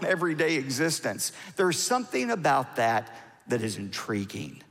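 A man preaching a sermon as pastor, with dramatic pauses and heavy emphasis on key words. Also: fairly high pitch, fairly bright tone. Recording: long hall reverb.

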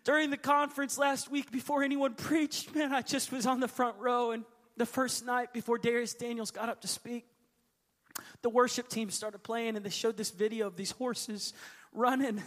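A man preaching a sermon as a pastor, passionate and building to emphatic peaks, then dropping to a hush. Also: very high voice, little pitch movement, normal speed. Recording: long reverb of a large hall.

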